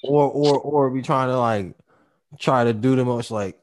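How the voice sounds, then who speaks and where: A man's voice: mid-range voice, unhurried, slight background noise. A man in a casual podcast chat who rambles in a laid-back way, swears and laughs easily.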